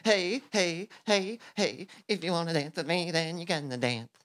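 A man voicing a vain male toad who shouts and brags in a high voice. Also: moderate pace, lightly acted. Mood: taunting. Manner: boastful, shouting.

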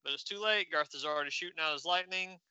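A man's voice: on the high side, fast, bright, forceful tone, smooth, dry recording, highs cut off. A man co-hosting a podcast, casually reading a comic aloud with many fillers. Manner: narrates with fillers like "and, uh". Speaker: podcast co-host.

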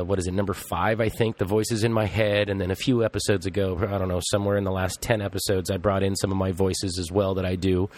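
Rambling middle-aged man musing aloud. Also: on the low side. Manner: rambling, thinking aloud with frequent restarts. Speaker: podcast host. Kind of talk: casual monologue.

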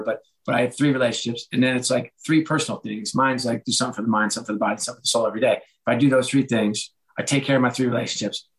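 A middle-aged man talking as a guest in a casual interview, telling animated stories and acting out quoted lines with a laugh. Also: medium pitch. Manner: animated storyteller, acts out quoted dialogue with a laugh. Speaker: podcast guest, author and former sports executive.

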